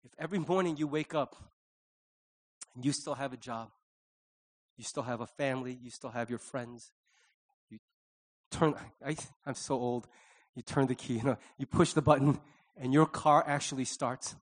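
A man's voice: medium pitch, normal speed, pauses often. A middle-aged man preaching a conversational sermon, telling stories with animation and acting out the dialogue. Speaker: pastor.

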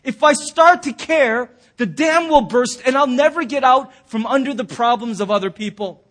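Very high-voiced male pastor preaching. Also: normal speed. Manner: animated storytelling, acting out quoted voices. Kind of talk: sermon. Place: church sanctuary.

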